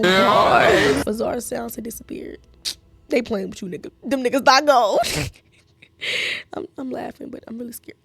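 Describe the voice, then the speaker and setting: A woman playing a horror game, reading its text aloud in a hushed voice and breaking off into loud, profane reactions. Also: fairly high pitch, gravelly. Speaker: gaming streamer.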